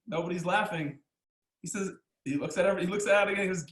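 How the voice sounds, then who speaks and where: A man teaching a class as a rabbi, telling stories and jokes in an animated, chuckling way, acting out the lines of the people in them. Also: high voice, quick pace, reverberant, low-quality recording. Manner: animated, chuckling storyteller who acts out the characters' lines. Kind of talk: storytelling lesson with jokes.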